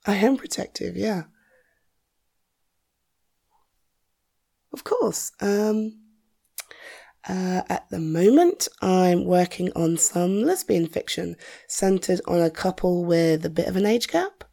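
A woman's voice: on the low side, creaky, warm tone. A woman, acting a confident, wealthy mother who teases and flirts in a listener-directed audio role-play. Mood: flirtatious. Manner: teasing, self-assured, slow and playful.

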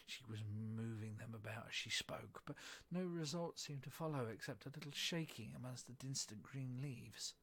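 Husky male storybook narrator. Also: medium pitch, a bit bright. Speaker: reader.

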